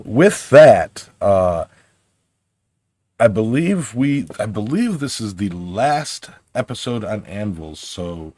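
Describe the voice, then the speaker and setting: Man, very deep voice, casual podcast co-host, rambling, joking. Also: darkish tone, no room sound. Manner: rambling, joking, with many restarts and fillers.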